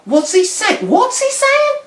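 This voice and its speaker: A man voicing an indignant male English cat who sputters with outrage in a high, strained voice. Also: wildly swooping pitch, a little slow, a bit bright, slight background noise, exaggerated voice. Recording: roomy, distant mic.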